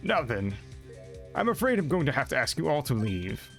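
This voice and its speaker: A man's voice: medium pitch, sing-song, moderate pace, fairly bright tone, faint music behind, pitched above the performer's own voice. A man putting on a British accent for a pompous, commanding male police chief in a game.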